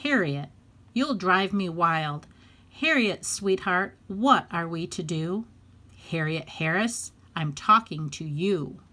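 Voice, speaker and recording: A woman reading aloud plays a patient storybook mother who would rather plead than shout. Her voice is soft, low-pitched and measured, with an unhurried, gently coaxing manner. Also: lively intonation, heavily acted.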